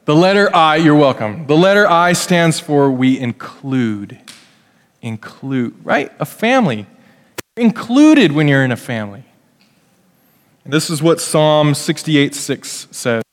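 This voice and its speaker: A man's voice: fairly high pitch, measured pace. A middle-aged male pastor preaching a family sermon, speaking directly to the kids and acting out what family members say. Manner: lively, addresses kids directly, acts out family quotes. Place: church hall. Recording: long hall reverb.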